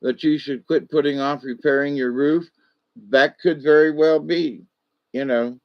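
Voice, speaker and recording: A man's voice: fairly high pitch, fairly even intonation, measured pace. A man giving casual spiritual animal card readings in a drawling, folksy way, chuckling often, with a dull lo-fi sound.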